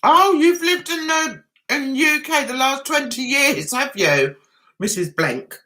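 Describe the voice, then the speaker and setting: English woman, livestream host, reading and answering chat; high, animated voice, easy unhurried pace. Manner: chatty, reads viewer comments aloud and answers them with frequent laughs.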